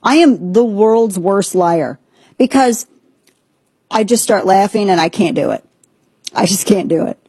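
A woman's voice: mid-range voice, lively intonation, unhurried, pauses often, warm tone, husky, no room sound. A woman hosting a political commentary show, talking in an indignant, sarcastic, emphatic way. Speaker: host.

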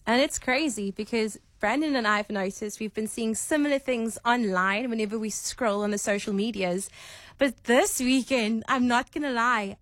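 A woman co-hosting a radio show in casual chat, telling stories in an animated way. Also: on the high side, dry recording, clean studio sound.

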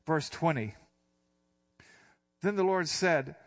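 A middle-aged or older man, a pastor, gives an expository Bible teaching in a conversational way, with casual asides and slow, deliberate reading of scripture passages. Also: a little high, lively intonation.

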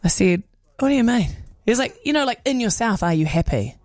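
A woman with a New Zealand accent, a radio host telling an animated anecdote and acting out the dialogue. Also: a little high, fast, no room sound, clean studio sound, soft background music. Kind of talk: casual storytelling chat.

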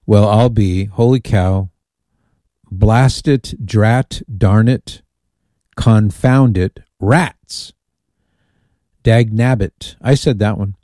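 A man's voice: on the low side, very slow, pauses often, dark tone, no echo, studio quality. A man hosting a call-in radio show, chatting in an amused way and reading listener emails aloud.

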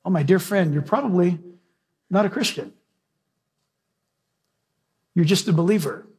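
A male preacher delivers a sermon in a high-pitched voice. His tone is husky and breathy, and he presses points home with emphasis and direct questions to the congregation. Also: a little slow. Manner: emphatic, questions the audience, animated storytelling.

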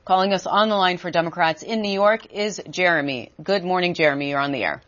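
A woman hosting a call-in show, reading out phone numbers and taking callers in a measured, formal announcer delivery. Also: lowish voice, fairly bright tone. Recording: dull lo-fi broadcast audio.

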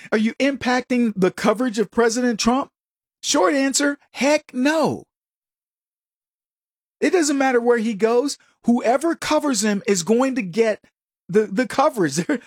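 A man with a fairly high voice delivers a talk show monologue in a combative, sarcastic way. He mocks the voices of the people he quotes. The sound is dry and close, with no room echo. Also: measured pace. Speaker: political commentary host.

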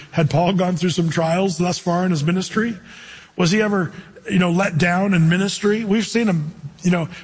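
A male pastor giving an animated sermon, asking his listeners questions and acting out quoted voices. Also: high-pitched, breathy edge, long reverb tail.

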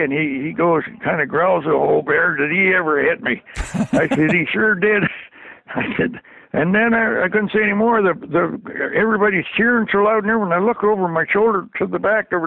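A former hockey trainer, now older, spins anecdotes for an interviewer and keeps breaking into chuckles. His high, gravelly voice comes through a dry, tinny phone connection with no room sound.

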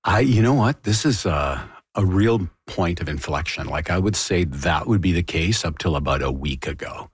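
A man's voice: sits low, lively intonation, moderate pace, few pauses, slightly rough, no room sound, studio quality. An older man, a theater director, answering interview questions in a thoughtful, storytelling way. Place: radio studio.

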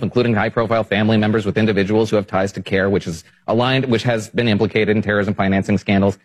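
A man giving political commentary in a measured, matter-of-fact way. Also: fairly low pitch, low-quality recording.

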